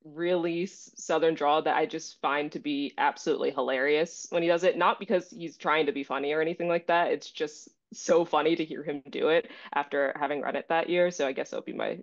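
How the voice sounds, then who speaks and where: A woman's voice: low voice, fairly even intonation, brisk, few pauses. Young woman, podcast guest, chatty, amused, dull lo-fi sound. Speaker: guest, mock trial competitor. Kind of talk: casual podcast chat. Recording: dull lo-fi audio.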